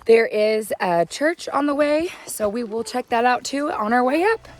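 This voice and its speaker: A woman vlogging casually outdoors on a mountain trail, chatty and excitable, laughing often and at times out of breath, into a handheld camera. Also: a little high, normal speed, soft background music. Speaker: travel vlogger. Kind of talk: casual hiking vlog.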